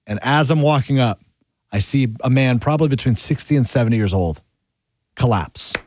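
An animated man recounts a story among friends, his pitch leaping up whenever he acts out what he said. The sound is dry and close, with no room around it. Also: normal speed, no room sound. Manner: animated, rises sharply when acting out his own lines. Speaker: show regular telling a story. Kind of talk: casual storytelling chat.

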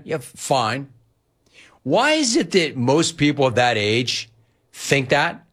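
Animated ranting radio host, man. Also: mid-range voice, a little slow. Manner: animated, ranting, quoting others in mock voices. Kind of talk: sports talk radio.

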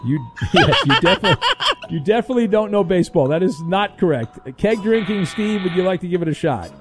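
A man's voice: high-pitched, big pitch swings, a little fast, over loud music. A man hosting a sports radio show and running a quiz game, teasing the players as he goes. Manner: playful, teasing quizmaster. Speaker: radio host.

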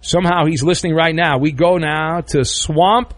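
A man's voice: a little high, fairly even intonation, normal speed. A man hosting a sports talk radio show, chatting loosely and joking between listener notes and calls. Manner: loose, joking, rambling with fillers.

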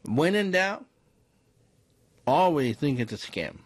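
A man co-hosting a podcast in casual chat, with brief joking asides and quick affirmations. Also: on the high side, sing-song, slightly rough, dry recording. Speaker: podcast co-host.

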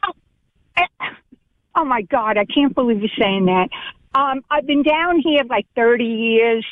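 A woman's voice: on the high side, expressive, a little slow, no room sound. A woman calling in to a radio show, brash and protesting. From New York. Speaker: caller. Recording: phone line.

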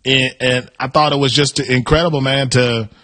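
A man's voice: mid-range voice, normal speed, no echo. A man co-hosting a sports talk radio show, bantering playfully with his co-host. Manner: playful, bantering, lively intonation.

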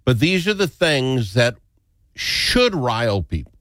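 A man hosts talk radio, his pitch leaping all over as he riles himself up with jokey indignation. His voice is dry and close, with no room around it. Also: very animated, slow, a bit bright, no echo. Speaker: radio talk show host. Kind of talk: casual opinionated talk radio.

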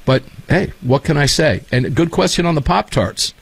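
Guy hosting a chatty show, pitch jumps all over, kinda husky, dry sound. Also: normal speed, no room sound. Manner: animated storyteller, enthusiastic. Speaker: show host. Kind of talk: casual talk show chat.

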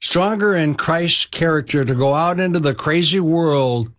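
A man preaching, telling a story in a sermon and slowing down to stress key phrases. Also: on the high side, fairly bright tone. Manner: emphatic, slows down for key phrases.

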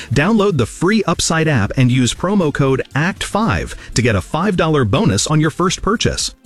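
A man's voice: a little high, slightly rough. A man reading an app ad voice-over in an upbeat, emphatic way. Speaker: ad announcer. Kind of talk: scripted ad voice-over.

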